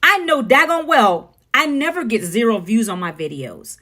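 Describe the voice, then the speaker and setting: A woman's voice: on the high side, animated, normal speed, sharp tone. A woman in her forties hosting a casual livestream from home, chatty and talking straight to her viewers. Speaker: livestream host.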